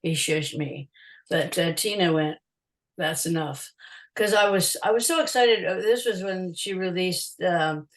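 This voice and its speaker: An older woman from Canada, a concert photographer guesting on a podcast, telling stories in an animated way with frequent laughter. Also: fairly low pitch, moderate pace, rough recording. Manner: animated storyteller, laughs often, acts out quotes. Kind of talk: casual interview storytelling.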